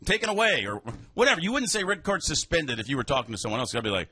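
A man's voice: fairly high pitch, big pitch swings, racing, pushed and bright, slight background noise. A man co-hosting a casual sports talk show, wisecracking and laughing often.

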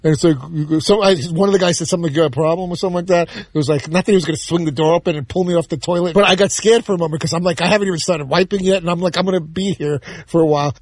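A man with a New York accent, a show regular telling a rambling story on talk radio with many halting restarts. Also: high voice, steady tone, no room sound.

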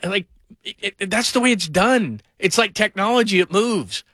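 A man hosting a call-in sports radio show, his voice high and bright. He talks in an animated, rambling run. It sounds close and dry at a studio mic. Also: normal speed, dry recording. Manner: animated, rambling, mimics people in put-on voices.

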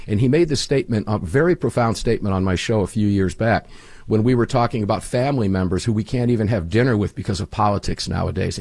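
Brief: low-pitched man, emphatic radio storyteller, dry close sound. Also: a little mellow, dry recording. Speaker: radio host. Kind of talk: political talk radio interview.

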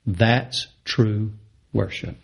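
A middle-aged man preaching a sermon, passionate and repetitive, his voice climbing high on the words he stresses. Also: fairly even intonation, extremely slow, vocal fry, breathy edge. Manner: impassioned, repeats phrases for emphasis, rises sharply in pitch on key words.

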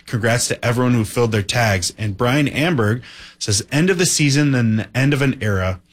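A man co-hosting a radio show, reading listener messages in a plain steady way. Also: medium pitch, fairly quick. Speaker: radio co-host. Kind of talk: reading listener shout-outs.

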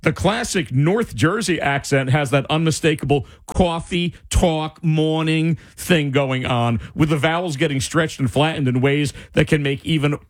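A man's voice: on the high side, a little slow, few pauses, no room sound. A man hosting a radio show, bantering casually and reading answers aloud with playful mock drama.

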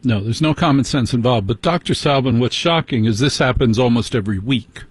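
A man's voice: medium pitch, fairly quick, husky, dry recording. A man hosting a talk radio show, bantering with a caller and making sarcastic jokes. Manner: wry, sarcastic joking. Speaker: radio host.

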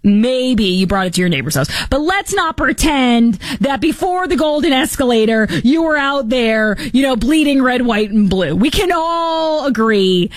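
A woman hosting political commentary, talking in a sarcastic, mocking and animated way. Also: sits high, moderate pace, few pauses, no echo.

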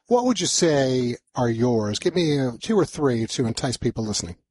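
A man's voice: mid-range voice, very animated, moderate pace, a little mellow, slightly rough, dry recording. A man hosting a radio travel show, with upbeat sign-off patter.

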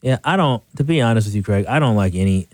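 A man's voice: on the low side, animated, fast talker, a little mellow, dry recording. A man with a Boston accent co-hosting a casual sports podcast, playful and full of banter. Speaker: podcast co-host.

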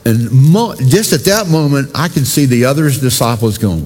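A man's voice: mid-range voice, lively intonation, normal speed, few pauses, a little mellow. A male pastor preaching a sermon in a conversational way, talking directly to his congregation. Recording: long reverb from a church hall.

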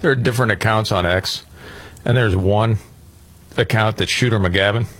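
A man co-hosting a talk radio show, telling sports stories in an animated, excitable way. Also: fairly low pitch, normal speed. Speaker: radio co-host. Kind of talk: casual talk radio banter.

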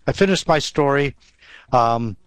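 A man's voice: medium pitch, lively intonation, measured pace, clean tone, no room sound. A man telling a personal faith story in a rambling way, with many restarts and fillers. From Western New York. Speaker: guest sharing testimony. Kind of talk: storytelling testimony.

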